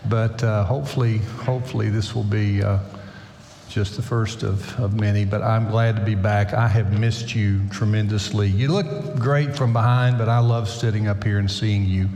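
Older male pastor, lowish voice, halting and conversational, speaking from the pulpit of a large, reverberant church with faint ambient room noise. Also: fairly even intonation, warm tone. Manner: halting, conversational, with frequent fillers and restarts. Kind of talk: sermon. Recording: roomy church hall echo.

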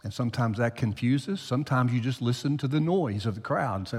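Animated preaching man in a reverberant hall. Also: brisk, few pauses, slightly rough. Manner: animated preaching, rising loud for emphasis then dropping low. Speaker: pastor. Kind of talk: sermon.

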